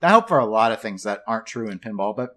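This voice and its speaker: A man's voice: lowish voice, very animated, fast, sharp tone. A man co-hosting a laid-back podcast, chatting at length in a rambling way. He drops wry asides and often restarts his sentences. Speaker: podcast co-host. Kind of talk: casual podcast chat.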